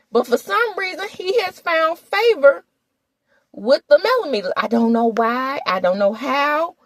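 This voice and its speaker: Sassy, lively woman gossip host. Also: high-pitched, a little slow. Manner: sassy, animated, talks straight to viewers. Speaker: gossip commentator. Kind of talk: casual reality TV recap.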